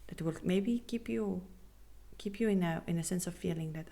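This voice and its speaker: A woman talks through a spiritual podcast in a low voice with a lot of vocal fry. She speaks earnestly and reassuringly, with non-native phrasing, and now and then softens into a breathy half-whisper. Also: moderate pace. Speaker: podcast host and spiritual coach. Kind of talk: casual podcast monologue.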